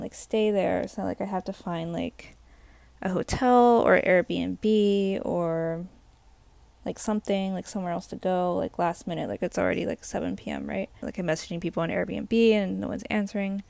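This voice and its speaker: A woman's voice: medium pitch, gravelly, dark tone, dry recording. A young woman vlogger telling a rambling, exasperated storytime in a hotel room, full of fillers. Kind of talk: casual storytime.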